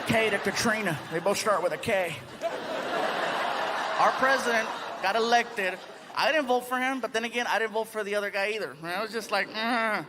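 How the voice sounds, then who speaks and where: A man performing a stand-up comedy set on a live stage, animated and laughing often, slipping into voices for his bits. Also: sits high, normal speed. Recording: live show with audience noise.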